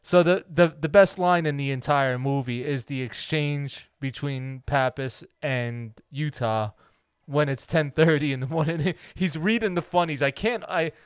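A man's voice: a little high, measured pace, clear, resonant tone, no room sound, studio quality. A man co-hosting a casual movie podcast, animatedly retelling and acting out scenes. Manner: animated, acts out quoted lines. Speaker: podcast co-host.

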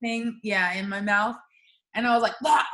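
A woman's voice: mid-range voice, normal speed, echoey room. A woman telling a personal story in casual chat, laughing and acting out what people said. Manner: animated, laughing storytelling with voiced quotes.

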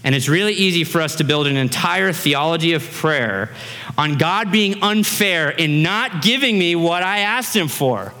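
A man in his thirties preaching a sermon as pastor, conversational and animated, acting out little voices in his stories. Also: on the high side, normal speed. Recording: reverberant hall.

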